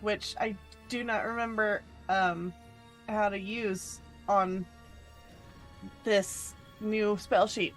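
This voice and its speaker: A woman's voice: medium pitch, steady tone, takes it slowly, faint music behind. A woman playing a tabletop game, describing her character's actions hesitantly with many fillers. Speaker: player. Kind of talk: casual tabletop game play.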